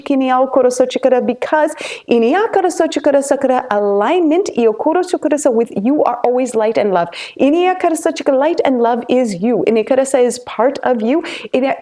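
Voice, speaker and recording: A woman delivering a channeled spiritual message. She searches for words with many pauses and fillers, and slips into chanted syllables between phrases. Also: sits high, dark tone.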